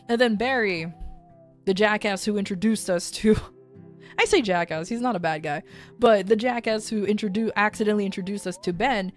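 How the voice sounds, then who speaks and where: A woman's voice: medium pitch, normal speed, faint music behind. A woman streamer casually telling a long story, rambling with many fillers and restarts. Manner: rambling, filler-heavy, animated retelling.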